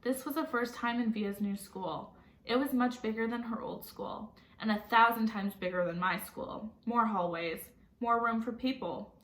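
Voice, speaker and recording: A woman teacher reading a novel aloud and stopping to reflect gently and ask her listeners questions. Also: on the high side, normal speed. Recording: roomy echo.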